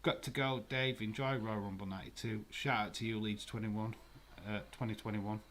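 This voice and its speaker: A man's voice: on the low side, steady tone, moderate pace, a bit bright, a little hiss or hum. A man hosting a casual live watch-along stream, chatting loosely, swearing and laughing as he answers viewer comments.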